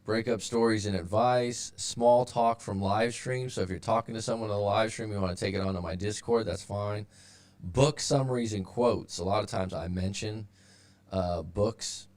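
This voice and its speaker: Gravelly-voiced man coaching on a live stream. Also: on the low side, moderate pace, darkish tone. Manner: rambling, with many fillers and restarts. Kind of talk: casual live-stream advice talk. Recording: sounds robotic at times.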